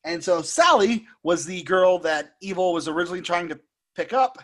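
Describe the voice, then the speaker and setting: A man co-hosting a podcast, recapping a film in a casual, jokey way and slipping into squeaky impressions. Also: normal speed. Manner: animated storyteller who puts on squeaky impressions; jokey, laughs often. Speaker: podcast co-host.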